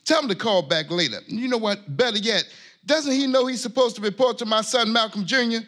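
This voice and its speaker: An actor playing an impatient, bossy pastor who talks down to his secretary and counsels a younger minister. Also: a little fast. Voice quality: high lively voice, brusque and commanding with his secretary. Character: bossy middle-aged male pastor, impatient. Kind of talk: church comedy drama acting.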